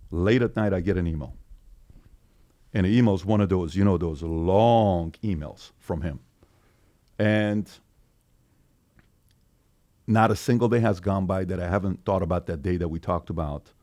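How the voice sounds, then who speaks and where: A middle-aged man chatting as a podcast guest, telling stories and acting out the quotes. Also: on the low side. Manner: animated storyteller who acts out quotes. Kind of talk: casual storytelling chat.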